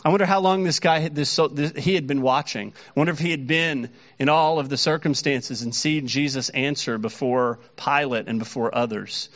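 A man's voice: mid-range voice, highs cut off. A man preaching a sermon earnestly, his voice rising when he quotes the mockers. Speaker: pastor.

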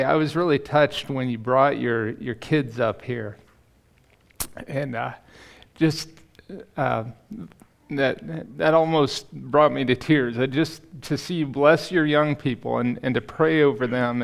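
A middle-aged man preaching as a pastor in a church, halting and self-deprecating, with many fillers and restarts. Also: mid-range voice, gravelly. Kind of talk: sermon. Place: church sanctuary.

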